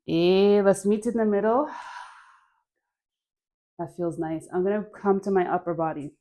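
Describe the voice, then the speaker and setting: A young woman guides a home dance class, chatting and cheering the viewer on as she moves. Her voice is mellow and relaxed, and she sighs softly between cues. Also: mid-range voice, a little slow. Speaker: dance instructor.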